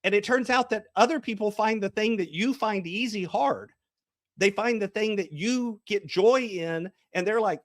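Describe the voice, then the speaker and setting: A man's voice: high-pitched, normal speed, no room sound, clean studio sound. A man, a coach and author, talking in an interview and acting out small scenes as he tells a story. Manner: storytelling, acts out dialogue. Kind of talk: podcast interview.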